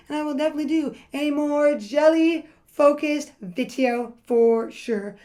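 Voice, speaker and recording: Chatty, excitable woman nail vlogger. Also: sits high, a little slow. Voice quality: voice crackling. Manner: chatty, rambling, excitable with sing-song bursts. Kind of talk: casual voice-over while painting nails.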